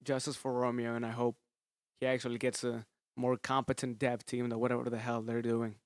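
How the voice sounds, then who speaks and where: A man's voice: medium pitch, completely flat delivery, brisk, dry recording, studio quality. A man doing casual video commentary, frustrated and complaining, swearing now and then. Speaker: gaming commentary YouTuber.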